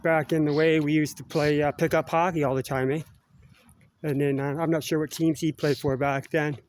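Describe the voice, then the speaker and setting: Strolling around school grounds outdoors, a middle-aged Canadian vlogger speaks in a slightly high voice with a level tone and moderate pace. He's chatty and meandering, regularly finishing his sentences with "eh?".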